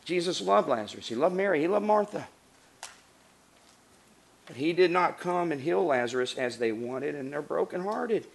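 A man preaching a sermon as pastor, earnest, rising to emphatic lines and dropping to soft hushed passages. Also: fairly high pitch, lively intonation, normal speed, gravelly, pauses often.

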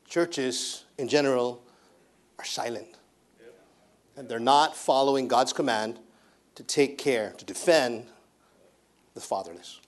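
A man preaching a sermon as a missionary pastor, with an emphatic delivery that repeats phrases. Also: mid-range voice.

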